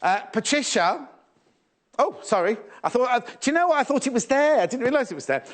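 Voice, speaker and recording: A middle-aged Englishman with a very high-pitched, very animated voice talks a little fast while presenting a live sewing shopping show in a TV studio. He chatters away, fusses aloud over fabrics and reads out viewer messages.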